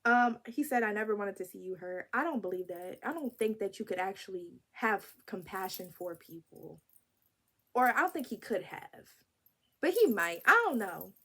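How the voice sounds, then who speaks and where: A woman in her twenties telling a story to camera in a casual, animated and wry vlog style. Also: mid-range voice, normal speed, slightly rough. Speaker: vlogger.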